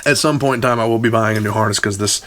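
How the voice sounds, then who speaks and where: A man's voice: fairly low pitch, fast talker, a bit bright, a little hiss or hum. A young man with an Appalachian accent, chatting casually to viewers while working outdoors in the woods on a head-mounted mic, breathing hard from the effort. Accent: Appalachian Virginia. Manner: folksy, addresses viewers as y'all and boys. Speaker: hunting vlogger. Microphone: head-mounted camera mic without windscreen.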